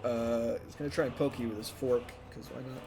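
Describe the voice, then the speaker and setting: A man running a tabletop game as game master, relaxed and joking as he narrates and rules. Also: medium pitch, brisk, a crowd in the background.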